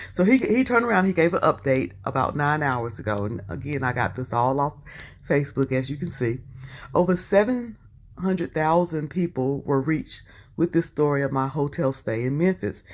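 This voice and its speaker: A woman with a Southern US accent reading posts aloud for her channel and breaking in with chatty asides and exclamations. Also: sits low. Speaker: YouTube commentator.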